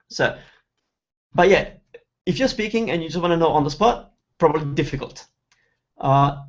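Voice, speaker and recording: A man teaching as host of an online webinar, reading out viewer questions and slowly sounding out example words. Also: fairly high pitch, lo-fi sound. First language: Italian. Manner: reads out viewer questions, then slowly spells out pronunciation. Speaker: Italian teacher. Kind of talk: webinar Q&A lesson.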